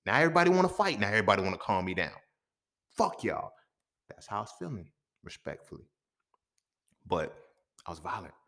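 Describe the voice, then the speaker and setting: A man hosting a podcast, telling a story in a casual, profane monologue that swings between loud outbursts and quiet asides. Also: sits low, expressive, normal speed, vocal fry, pauses often. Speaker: podcast host.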